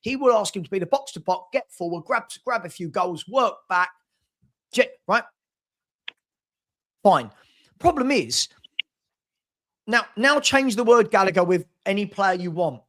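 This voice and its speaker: A man's voice: high voice, expressive, a little slow, long pauses, a bit bright. A man hosting a casual football chat stream, arguing his points emphatically with rhetorical questions. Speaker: podcast host.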